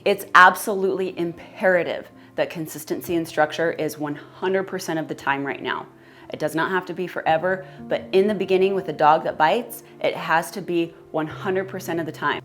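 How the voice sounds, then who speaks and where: A blunt, emphatic woman with a lowish voice tells a personal rescue story and gives advice, swearing now and then. Faint music plays softly behind her. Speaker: dog rescuer and trainer.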